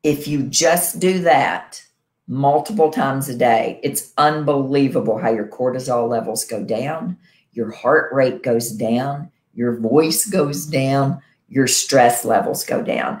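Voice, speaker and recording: A woman's voice: extremely low pitch, measured pace. A middle-aged woman hosting a wellness show, coaching her viewers in a casual, upbeat way and often checking in with "right?". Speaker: wellness show host and health provider. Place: her home. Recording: echoey room.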